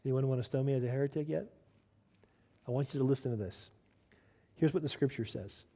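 A man's voice: medium pitch, a little fast, dark tone. A man preaching a sermon as pastor, emphatic and direct, who puts questions to the congregation.

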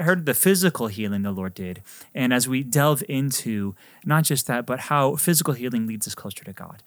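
A male priest hosts a podcast interview in a gentle, halting way, filling his pauses with uhs. His voice is mid-pitched, and the close recording is very dry, with no room sound. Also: dry recording. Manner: gentle, hesitant with many uhs. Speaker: host, priest.

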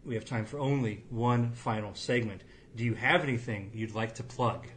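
A man's voice: medium pitch, moderate pace, a little hiss or hum. Chatty male podcast host. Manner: animated, rambling with fillers. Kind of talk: casual podcast chat.

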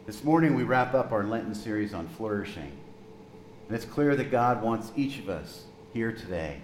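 A man in his sixties, a pastor preaching a sermon, telling a story gently and slowing down for emphasis. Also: fairly low pitch, roomy sound, slight background noise, rough recording.

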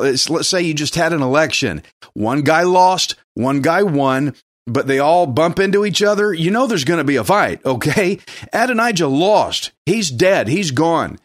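A man with a fairly high voice teaching from scripture in a conversational sermon. He speaks plainly and keeps checking in with the congregation. The recording is dry and close, with no room echo. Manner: conversational, plainspoken, asks the listeners questions. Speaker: pastor. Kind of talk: expository Bible teaching sermon.

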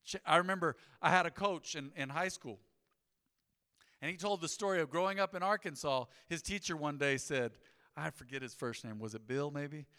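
Bright, high-pitched preaching man in a reverberant hall. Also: normal speed. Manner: animated storytelling with rising emphasis. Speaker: pastor. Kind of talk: sermon. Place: church sanctuary. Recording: long hall reverb in a sanctuary.

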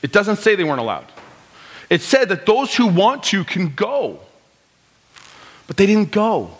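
Man, thirties, pastor, conversational sermon, rhetorical questions, slightly high voice, long church reverb. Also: big pitch swings, unhurried. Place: church sanctuary.

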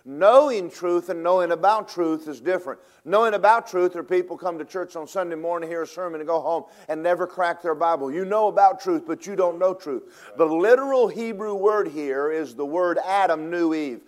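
A man delivers a sermon, his voice sitting a touch higher than most men's. He talks in a folksy, emphatic way, dropping low and quiet, then rising loud, and stretching words out slowly before rushing ahead. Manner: folksy, emphatic, varies loudness and pace for effect. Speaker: preacher.

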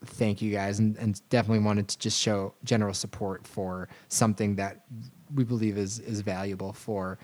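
A man's voice: fairly low pitch, flat delivery, moderate pace, a little mellow. A man from Virginia co-hosting a podcast, chatting casually and rambling with fillers and restarts. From Virginia, USA. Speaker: podcast co-host.

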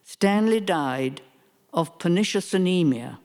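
Older woman, unhurried reader, measured storytelling voice for a prepared museum talk. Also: lowish voice, expressive, a little mellow. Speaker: speaker giving a museum talk. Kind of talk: prepared family-history talk read aloud.

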